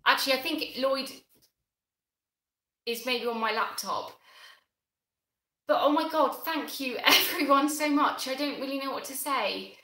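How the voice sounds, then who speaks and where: A flustered woman chats on a gardening live stream, bright and fairly high, her words tumbling with excited restarts. The roomy recording carries a clear echo around her voice. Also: unhurried, pauses often, slight background noise. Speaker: gardening channel host.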